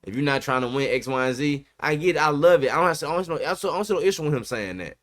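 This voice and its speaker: A man's voice: on the high side, lively intonation, racing, a bit bright. A man hosting a podcast in casual sports chat, emphatic and repetitive, dropping "bro" often. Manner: emphatic, repeats himself, says bro a lot. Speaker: podcast host.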